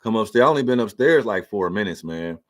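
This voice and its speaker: A man's voice: on the low side, lively intonation, fast. A middle-aged man telling a personal story in a casual, profane and emotional rant.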